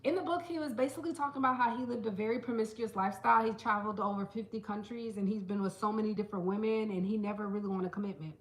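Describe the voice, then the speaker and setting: A woman's voice: medium pitch, fairly even intonation, racing, few pauses. A woman vlogging casually to camera, chatty and playful, calling her viewers "girl" and "child,". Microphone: small handheld camera.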